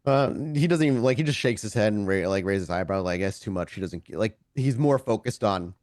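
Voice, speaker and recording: A man's voice: lowish voice, animated, brisk, a little mellow, no room sound, clean studio sound. A man narrating a tabletop game as game master, loose and casual, with occasional swearing.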